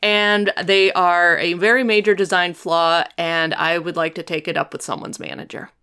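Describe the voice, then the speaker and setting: A woman's voice: fairly low pitch, steady tone, normal speed, bright, forceful tone, smooth. A woman co-hosting a podcast in casual, jokey chat, laughing often. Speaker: podcast co-host.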